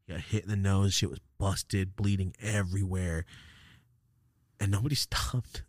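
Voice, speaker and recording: A man from California in his thirties tells a story in an animated, rambling, profane way, with a fairly low voice. The sound is dry and close, with no room behind it. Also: moderate pace, dry recording. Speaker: podcast host. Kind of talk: casual storytelling.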